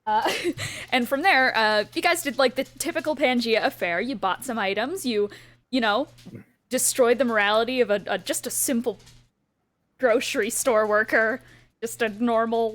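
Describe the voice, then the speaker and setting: A woman's voice: fairly high pitch, fairly bright tone. A woman from Canada narrating a tabletop game as game master, chatty and laughing between lines.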